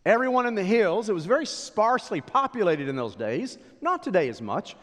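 A pastor preaching a sermon, swinging from loud declarations to hushed whispers. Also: male voice, high-pitched, very animated, fairly quick. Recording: long hall reverb.

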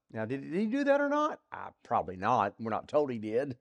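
Man, preacher, sermon, lively rising and falling pitch, rhetorical questions. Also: normal speed. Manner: expository Bible teaching, rhetorical questions, dynamic loudness swings.

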